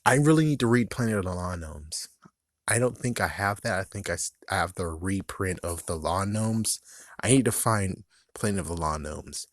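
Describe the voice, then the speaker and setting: A man's voice: deep voice, expressive, normal speed, no room sound, clean studio sound. A young man casually rambling through a review, cursing often and laughing at his own jokes. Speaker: YouTube reviewer.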